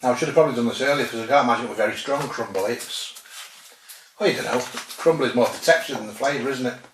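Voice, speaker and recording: A man's voice: mid-range voice, fast. Man chatting from across a roomy space. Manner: chatty, dry humour, musing aloud. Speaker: food vlogger tasting cheeses. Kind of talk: casual tasting commentary. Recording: roomy sound, distant from mic, faint noise.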